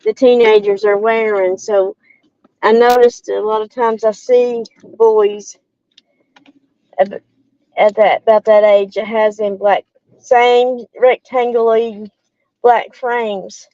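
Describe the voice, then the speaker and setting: A woman's voice: on the high side, steady tone, slow pace, warm tone, no room sound, highs cut off. A woman chatting casually with live viewers from her car, rambling and breaking off with laughs, a little out of breath. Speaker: channel host. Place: in a car while driving. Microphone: headphones with mic.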